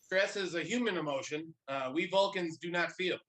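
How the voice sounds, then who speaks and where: A man doing an improv bit as a stiff, logical Vulcan gardener, formal and halting. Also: a little high, fairly bright tone, lightly acted, poor audio. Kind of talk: improv comedy scene.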